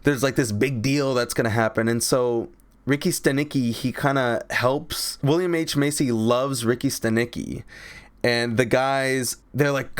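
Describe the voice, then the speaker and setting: A young man reviewing a movie in a casual, rambling, crude way full of fillers. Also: mid-range voice.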